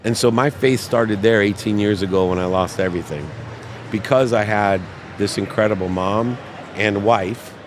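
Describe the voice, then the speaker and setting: A man telling a personal story as a podcast guest, animated and heartfelt, now and then acting out the voices of the people in his story. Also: fairly low pitch, normal speed, noisy background. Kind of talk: emotional storytelling.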